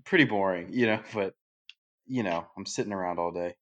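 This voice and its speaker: A man co-hosting a casual podcast, telling things in an animated, profane way with frequent laughter. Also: low-pitched, a little fast. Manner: animated, profane, giggly storytelling. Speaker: podcast co-host.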